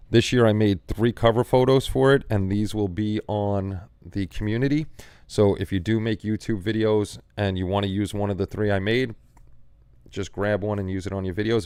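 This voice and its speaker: A man's voice: deep voice, dark tone, clear, resonant tone, dry recording. A man hosting a casual hobby livestream, chatting loosely, repeating words and answering viewers' chat. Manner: rambling, repeats words, reads chat aloud. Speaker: livestream host.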